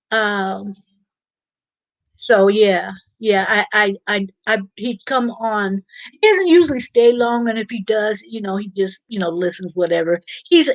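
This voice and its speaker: A woman's voice: medium pitch, no echo, low-quality recording. A woman hosting a casual live stream, reading viewer comments aloud and chatting in a rambling way with frequent laughter. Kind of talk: casual live-chat talk.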